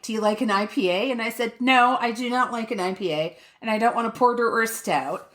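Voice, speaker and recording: Woman, podcast co-host, casual chat, animated storytelling, frequent laughter, fairly high voice. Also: fairly quick, few pauses. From Colorado, USA. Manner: animated storyteller, swears freely, laughs often.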